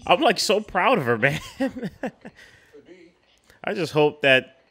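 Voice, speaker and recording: A man's voice: a little high, sing-song, normal speed, bright, forceful tone, slightly rough. A man hosting a reaction video, exclaiming and chatting in casual slang about what he watches.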